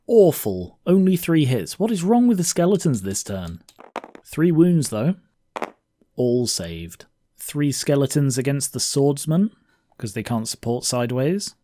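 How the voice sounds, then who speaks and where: A man's voice: medium pitch, warm tone, slight background noise. A man casually narrating his own tabletop wargame, thinking aloud with frequent fillers.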